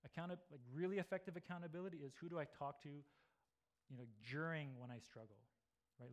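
A man's voice: on the high side, fast. A middle-aged man preaching a sermon in a conversational way, often tagging lines with "right?" and acting out inner voices. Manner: conversational, frequent "right?" tag questions, acts out inner voices. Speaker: pastor.

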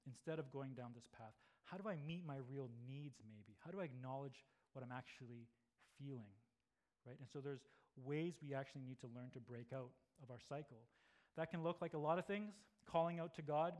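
A middle-aged man delivers a sermon in a relaxed, conversational manner. His voice sits a little higher than most men's. He often checks in with "right?" and plays out little inner voices as examples. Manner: conversational, frequent "right?" tag questions, acts out inner voices. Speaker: pastor.

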